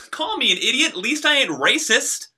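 A man's voice: mid-range voice, sing-song, a little slow, pushed and bright, a little hiss or hum, full character voice. An actor playing a defensive young man who answers in blunt, clipped retorts in a short drama. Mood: angry.

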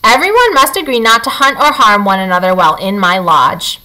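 Woman reading as a gentle, bright-voiced robot. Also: medium pitch, fairly quick, natural voice, rough recording. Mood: calm. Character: calm, kind female robot. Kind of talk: storybook reading.

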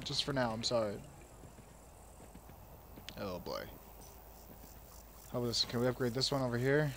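A young man commentating his game, swinging from shouted orders and mock-royal speeches to low muttering. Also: normal speed, slight background noise. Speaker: gamer. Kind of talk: let's play commentary.

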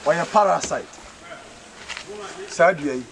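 A man's voice: a little high, slow pace, vocal fry, crowd noise. A man guiding a tour through a forest sanctuary, patiently explaining the animals and trees.

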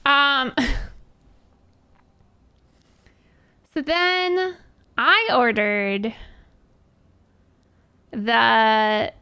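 A woman's voice: a little high, steady tone, very slow, long pauses, pushed and bright, smooth, no room sound. An American woman streaming a game, chatting casually and laughing often as she explains things with asides. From United States. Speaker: gaming streamer. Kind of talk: casual chat while playing a game.

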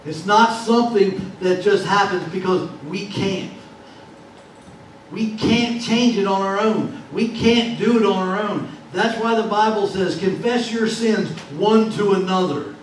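A man's voice: high-pitched, unhurried. A man preaching a sermon as pastor, in a folksy, repetitive preaching cadence. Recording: very echoey hall, distant mic, faint noise.

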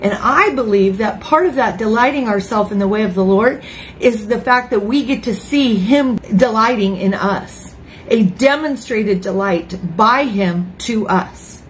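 A woman in her fifties, a grandmother, preaching an informal online sermon in a chatty, emotional way with lively asides. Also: medium pitch, measured pace, slight background noise, poor audio. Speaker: ministry speaker. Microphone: phone or webcam, online broadcast.

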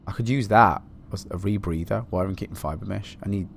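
A man from Britain giving excitable, swear-heavy let's play commentary, talking to himself as he plays. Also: low-pitched, fairly quick, creaky, a little hiss or hum. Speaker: gaming channel host.

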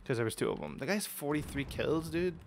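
A young man giving casual, excitable commentary over his own gameplay, swearing often and trash-talking opponents. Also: fairly high pitch, a little fast, a little hiss or hum. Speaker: gaming YouTuber.

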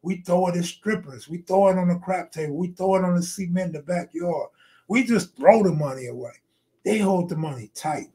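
A middle-aged man hosts a live stream, freestyling rambling anecdotes full of slang and cursing. He breaks off mid-story to answer viewers, and his voice sits a bit high for a man. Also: brisk, mellow.

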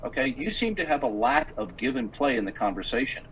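A man in his sixties argues in a heated online debate, insistent and condescending, pressing the same question again and again. His pitch rises and falls a lot as he talks. A faint noise hums under the line. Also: very animated, a little fast, a bit bright, low-quality recording. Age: 60s.

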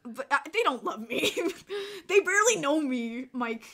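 A woman hosting a casual livestream, excitable and chatty, laughing often and swearing casually. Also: high-pitched, unhurried. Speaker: livestream host.

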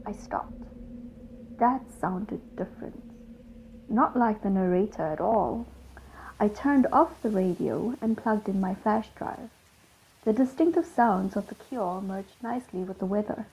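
A woman narrating a first-person audiobook story in a wry, lively way. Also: mid-range voice, unhurried, breathy edge. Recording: dull lo-fi with loud noise.

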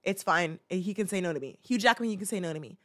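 A woman's voice: fairly low pitch, expressive, fast. A woman hosting a casual reaction chat, rambling with plenty of fillers and restarts and acting out little scenes. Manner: playful, acts out little scenes. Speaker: host.

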